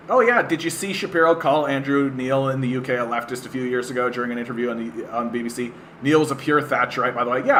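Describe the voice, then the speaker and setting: Canadian male streamer, bright voice, scornful filler-heavy rant. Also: fairly high pitch, a little hiss or hum. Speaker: livestream host. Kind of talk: ranting political commentary.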